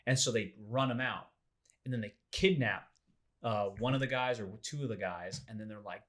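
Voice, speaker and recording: A young man hosting a casual podcast, retelling a story in a loose, animated way with lots of fillers. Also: moderate pace. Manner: animated, acts out quoted people with big pitch jumps. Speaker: podcast host.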